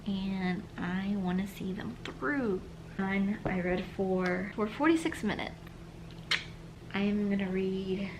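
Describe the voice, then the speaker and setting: A woman's voice: mid-range voice, noisy background. A young woman chatting casually in a reading vlog from her bedroom, rambling and saying "like" a lot. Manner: chatty, rambling, fills speech with "like". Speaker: book vlogger.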